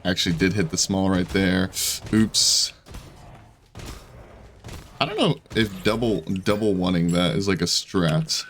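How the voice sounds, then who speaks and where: A man's voice: deep voice, expressive, measured pace, pauses often, a bit bright, a little hiss or hum. A man giving casual gameplay commentary, chatty and self-deprecating as he thinks aloud about his moves. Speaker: gaming YouTuber.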